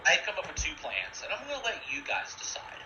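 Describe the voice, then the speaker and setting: A man's voice: a little high, huge pitch swings, quick pace. A man acting as game master, laying out story options in a rambling, thinking-aloud way. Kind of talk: running a tabletop game over voice chat. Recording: dull lo-fi mic with faint hiss.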